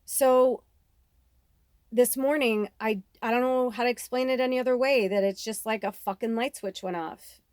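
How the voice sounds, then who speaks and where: A woman's voice: a little high, fairly even intonation, moderate pace, darkish tone, clear, resonant tone, no echo, clean studio sound. Candid, rambling woman in her thirties. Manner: candid, rambling, swears often. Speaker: psychic medium. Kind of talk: casual spiritual reading monologue.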